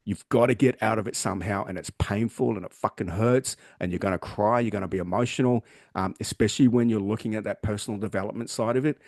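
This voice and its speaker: A man on a podcast talking like the gym trainer he is, swearing freely and pressing his point hard. His voice sits low and the words come out quickly in an emphatic, no-excuses rush. The sound is dry and close, with no room around it. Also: a little mellow, no room sound. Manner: blunt, heavily profane, emphatic. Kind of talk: casual motivational chat.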